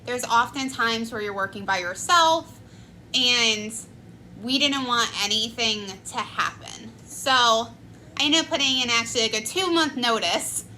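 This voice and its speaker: Slow, bright-voiced young woman. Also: fairly high pitch, slight background noise, rough recording. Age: 20s. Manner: chatty, many "like" fillers. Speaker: vlogger. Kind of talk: casual storytime.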